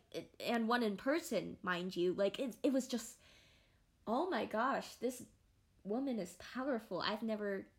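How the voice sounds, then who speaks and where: A young adult woman hosting a casual podcast, talking in a rambling, animated way with many fillers and restarts. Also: mid-range voice. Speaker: podcast host. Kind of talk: casual solo podcast chat.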